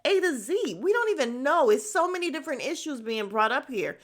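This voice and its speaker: A woman's voice: high-pitched, big pitch swings, fairly quick. A woman hosting a podcast and recapping a reality show in casual chat. She is candid and blunt, swears freely, drifts into tangents and addresses her listeners directly. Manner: candid, gossipy and blunt, with frequent profanity; drifts into tangents and self-aware asides to listeners.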